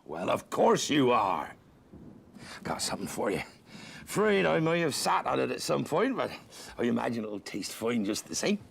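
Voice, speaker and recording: Hagrid, gravelly West Country giant. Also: male voice, medium pitch, very animated, normal speed, full character voice. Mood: bashful. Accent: strong West Country. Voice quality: gravelly, husky. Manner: bumbling, apologetic. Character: huge gentle bearded male groundskeeper. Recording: film clip.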